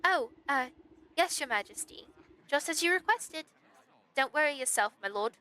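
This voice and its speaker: A woman's voice: high voice, lively intonation, moderate pace, sharp tone, voice pushed up, low-quality recording. A woman voicing nervous, fawning noble courtiers in a game, sounding flustered and stammering.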